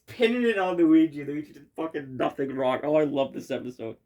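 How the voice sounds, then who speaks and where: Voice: medium pitch, animated, a little fast, darkish tone. A creator giving casual commentary over their own comedy video, rambling, swearing casually and laughing often.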